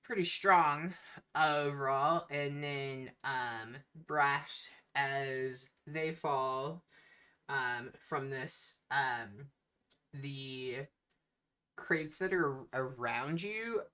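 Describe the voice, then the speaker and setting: A game master narrates a tabletop game slowly, pausing on fillers as the scene unfolds. The voice is bright and forward. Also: medium pitch, clean tone. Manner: unhurried, many fillers.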